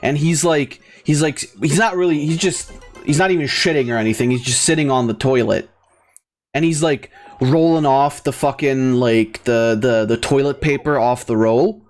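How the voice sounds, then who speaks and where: A man's voice: medium pitch, moderate pace. Young man ranting profanely over faint game music. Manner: profane, rambling rant full of fillers. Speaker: gaming channel host. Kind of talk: casual ranting commentary over gameplay.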